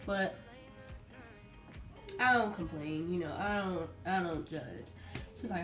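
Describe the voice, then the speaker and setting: A woman's voice: medium pitch, a little slow, pauses often, over music. A young woman vlogger telling a casual story, acting out what people said. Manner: animated, acts out quoted dialogue.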